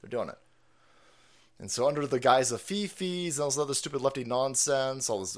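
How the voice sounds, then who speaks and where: A man streaming political commentary, loud and mocking, swinging from shouts to low mutters. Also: big pitch swings, a little fast. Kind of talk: profane ranting livestream commentary.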